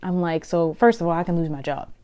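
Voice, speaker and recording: A woman hosts her own podcast, talking through her day in a loose, conversational way. Her voice sits low and sounds mellow and warm. She laughs often between her thoughts. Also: quick pace. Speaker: podcast host. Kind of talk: casual solo podcast monologue.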